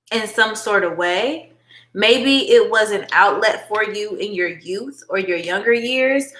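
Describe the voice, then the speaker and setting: A woman's voice: medium pitch, bright, forceful tone. A woman giving a chatty, affectionate live tarot reading, calling viewers honey and baby girl. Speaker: tarot reader and livestream host. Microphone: phone. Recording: echoey room.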